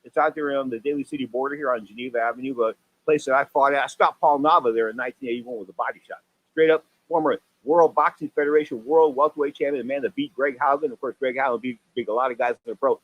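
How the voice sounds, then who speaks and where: Older guy, 60s, boxing radio host, talks super fast and rambly, dry close mic. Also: medium pitch, no echo, narrow, tinny audio. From San Francisco Bay Area. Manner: animated storyteller, voice jumps up for exclamations and acted quotes. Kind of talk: rambling radio talk show monologue.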